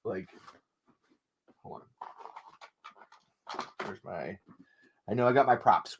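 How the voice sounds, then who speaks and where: A man's voice: lowish voice, slow, long pauses, a little hiss or hum. A man hosting a podcast in casual, rambling chat, laughing often and jumping between tangents. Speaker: podcast host.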